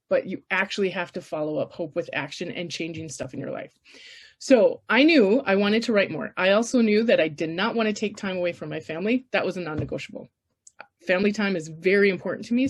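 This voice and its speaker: A woman from Canada presenting a casual writers' workshop, emphatic, blunt and encouraging. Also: fairly low pitch.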